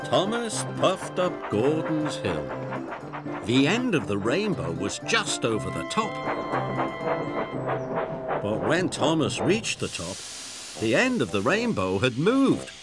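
A man narrating a children's cartoon story in an expressive storytelling manner. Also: medium pitch, slow, pauses often. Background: music.

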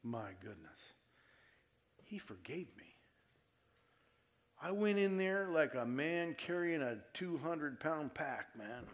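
A man preaching a sermon to his church, moving between quiet appeals and loud emphatic stretches and asking his listeners direct questions. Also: fairly high pitch, lively intonation, takes it slowly, pauses often. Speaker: pastor. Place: church service before a congregation.

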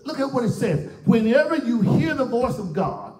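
A pastor preaching with fervor, his high voice climbing into shouts and then dropping to near-hushed phrases as he repeats his points. He sounds distant from the mic, and the church room rings around him. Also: huge pitch swings, normal speed, background noise. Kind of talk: sermon. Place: church sanctuary. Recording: echoey church room, voice picked up from far off.

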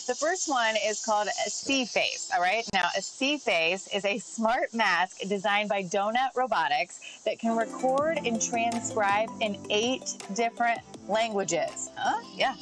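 A woman's voice: medium pitch, lively intonation, normal speed, hardly any pauses, music in the background, poor audio. Chatty woman presenting tech gadgets. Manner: chatty, informal, reads product notes with asides. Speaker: tech segment guest. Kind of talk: casual TV segment chat. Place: TV studio.

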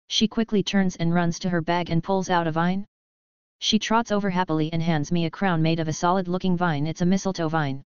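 A woman reads first-person fan fiction in a steady, unhurried way. Her voice is very smooth and fairly low. The recording is dry and has a slightly dull, lo-fi sound. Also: no echo. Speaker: audiobook narrator.

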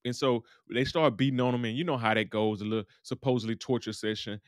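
A man of medium pitch and steady tone, a fast talker, runs through a TV episode in a loose, talky way, playing out the characters' lines. This casual recap monologue is studio quality, with no room sound.

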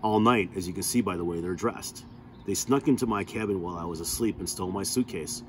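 A man's voice: low-pitched, fairly quick, a little hiss or hum, close to an everyday voice. A man reading aloud, voicing a cool, calculating woman who runs a prison camp. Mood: cold. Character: cold, lying woman camp warden.

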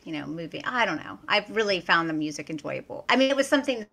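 Bright-voiced woman on a film chat. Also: lowish voice, very animated, fast, vocal fry. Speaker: podcast co-host. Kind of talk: casual film review chat.

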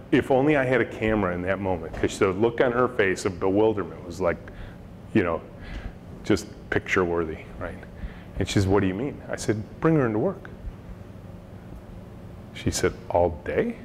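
A middle-aged man, a company CEO, giving a storytelling talk to students and acting out the voices in his anecdotes. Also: medium pitch. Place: lecture hall with audience. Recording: long hall reverb, faint noise.

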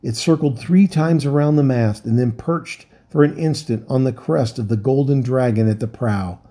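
A man reading a children's novel aloud in calm, steady narration. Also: medium pitch, moderate pace. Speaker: volunteer reader.

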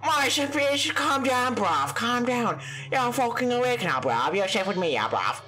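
A brash British bloke with a thick London accent growls out curses and calls everyone bruv, as a woman puts him on over a game. The voice is pushed well below her own, yet it still lurches up and down. Game music plays clearly underneath. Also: fairly high pitch, very animated, unhurried, bright, forceful tone, full character voice. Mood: soothing. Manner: swears constantly, calls people bruv. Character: crude cockney British man, brash and sweary.

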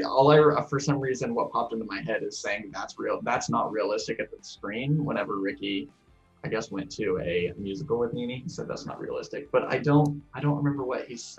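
Chatty young man, slightly dull audio. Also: mid-range voice. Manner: chatty, self-deprecating, thinks out loud. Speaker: actor answering trivia. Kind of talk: casual trivia chat.

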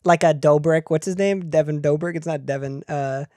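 A man with a fairly high, slightly mellow voice speaks at a moderate pace with fairly even intonation, recorded in studio quality with no room sound. Co-hosting a comedy podcast, he chats loosely and rambles, full of fillers and restarts, often laughing mid-thought.

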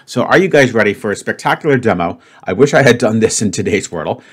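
A man's voice: lowish voice, expressive, fast talker, slightly rough. A man casually talking through a word puzzle as the host of his video, chatty and upbeat, thinking aloud with lots of fillers. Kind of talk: casual commentary while solving a puzzle.

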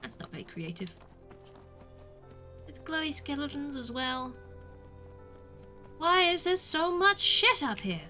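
A young woman streamer from the UK narrates her play in a high, bright voice, joking at herself and letting out squeals under attack. Soft game music plays behind her. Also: sing-song, unhurried, pauses often. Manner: chatty and self-mocking, with squeals when attacked. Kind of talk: casual gameplay commentary.

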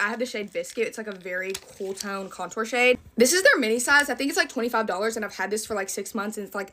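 A woman's voice: medium pitch, pushed and bright, a little hiss or hum. A young woman chatting through a beauty haul, chatty and enthusiastic, joking about her shopping habit. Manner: chatty, enthusiastic, self-mocking. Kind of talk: fast casual haul chat.

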